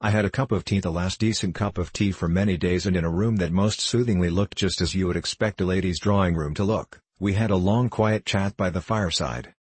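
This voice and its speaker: A man reading a novel aloud as an audiobook narrator, in a measured and steady way. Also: deep voice, husky, no echo. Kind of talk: scripted storybook narration.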